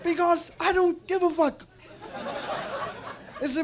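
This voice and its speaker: A man with a high voice works a club stage in a rambling, profane stand-up set, laughing through his lines and stumbling over restarts. The live recording carries a loud audience and steady room noise. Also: takes it slowly, a faint crowd. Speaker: stand-up comedian.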